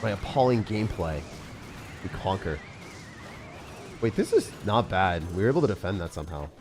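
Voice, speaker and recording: A man's voice: low-pitched, sing-song, normal speed, noisy background. A young man streaming a game live, joking at his own expense and answering chat. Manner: self-mocking, jokey, reads and answers chat.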